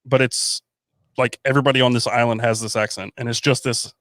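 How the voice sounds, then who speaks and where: With a fairly quick, mid-range voice, this podcast co-host keeps things relaxed and casual, often mumbling his words. The audio is clean and studio-made, free of any room sound.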